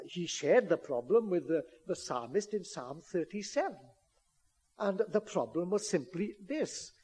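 A man preaches a sermon in a fairly high voice with a husky edge. He speaks earnestly and pushes into emphatic appeals to his listeners. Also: warm tone.

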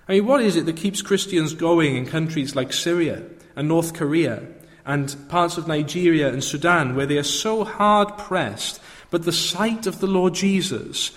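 An earnest man preaching a sermon, his fairly high voice building to fervent proclamation. His words ring out with a long reverb, as in a church hall. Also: measured pace.

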